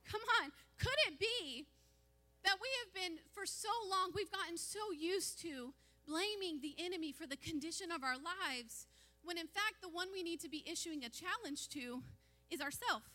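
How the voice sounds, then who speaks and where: A woman pastor preaching a sermon to a congregation, emphatic and repetitive, building to shouts. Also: extremely high pitch, lively intonation, normal speed.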